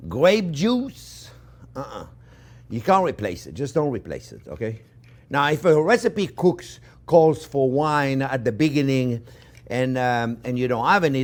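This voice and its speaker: A medium-pitched man with a French accent plays a chef giving a chatty cooking demonstration in his kitchen. He repeats himself and addresses viewers like friends.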